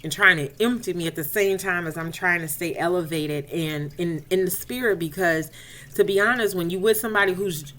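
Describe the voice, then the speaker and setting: A woman's voice: fairly low pitch, fairly bright tone. A woman speaking directly to listeners as she tells a personal faith testimony, casually and conversationally, and often replays the dialogue as she retells it. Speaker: inspirational speaker.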